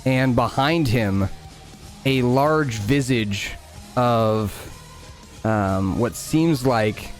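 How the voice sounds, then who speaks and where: A man narrating as game master in a tabletop game, unhurried and full of fillers. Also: mid-range voice, faint music behind. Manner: relaxed, many fillers, unhurried.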